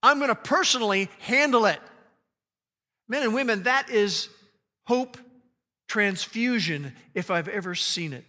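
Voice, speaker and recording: Guy preaching slow n emphatic, drawn-out words, echo of a big hall. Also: high voice, animated, pushed and bright. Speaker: pastor. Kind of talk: sermon.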